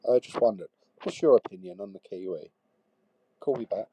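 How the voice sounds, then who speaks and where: A man doing comic voicemail monologues. He swears a lot and swings from shouting to hushed sighs. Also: on the low side, expressive, moderate pace, noisy background. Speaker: comedy podcaster.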